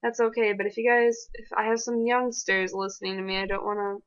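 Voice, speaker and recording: A woman giving casual, fast and excitable commentary over her own gameplay. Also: mid-range voice, lo-fi sound.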